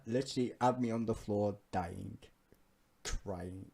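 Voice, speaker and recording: A man's voice: mid-range voice, expressive, slow pace, darkish tone. A man giving ranting political reaction commentary, profane, heated and emphatic, often laughing as he talks. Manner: laughs often while talking.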